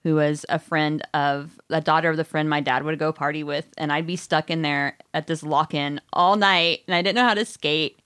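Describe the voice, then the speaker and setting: A woman's voice: low voice, steady tone, normal speed, hardly any pauses, fairly bright tone, clean tone. A podcast host from Missouri, a woman chatting casually as she recaps a book, often saying "like" and acting out the lines she quotes.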